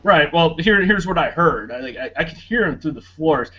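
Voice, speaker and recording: A man's voice: fairly high pitch, lively intonation, normal speed, husky, dull audio. A man on a casual podcast, telling stories in a chatty way with laughs and fillers. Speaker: podcast host. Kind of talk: casual chat.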